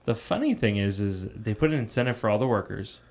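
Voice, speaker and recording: A man co-hosting a podcast, lively and casual, acting out back-and-forth exchanges as he tells an anecdote. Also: lowish voice, brisk. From Nevada. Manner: animated anecdote teller, acts out quoted exchanges. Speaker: podcast co-host. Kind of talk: casual chat.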